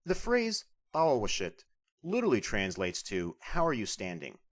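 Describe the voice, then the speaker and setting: A man narrating a scripted language lesson as the instructor, explaining clearly and patiently. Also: on the low side, huge pitch swings, moderate pace.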